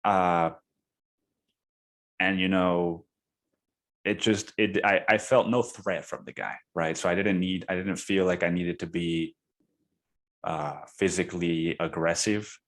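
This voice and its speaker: Deep-voiced man telling a story casually. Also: steady tone, slow pace, long pauses, fairly bright tone. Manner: casual, profane, says "dude" a lot. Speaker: podcast host.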